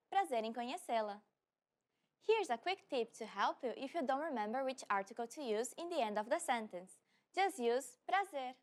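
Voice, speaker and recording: A woman hosting a short language lesson, speaking in an upbeat, clear way and slowing down to repeat key phrases. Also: fairly high pitch. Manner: upbeat, clear, slows down for repetition. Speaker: language teacher host.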